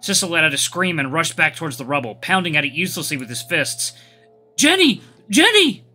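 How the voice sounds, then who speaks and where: A chatty, upbeat man hosting a let's play, reading a visual novel's narration aloud with quick reactions. His voice is very bright and forward, with faint music under it. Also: on the high side.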